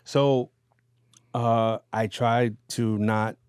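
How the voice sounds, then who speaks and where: A man, a radio DJ guest, telling stories in a relaxed, casual interview chat with fillers and laughs. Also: mid-range voice, very slow, smooth, no room sound, clean studio sound.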